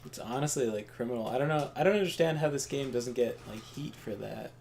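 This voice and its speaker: A man's voice: medium pitch, fairly quick, vocal fry, a little mellow, slight background noise. A man chatting casually and wryly while playing a video game with a co-host. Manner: chatty, wry, acts out quotes. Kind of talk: casual gaming chat.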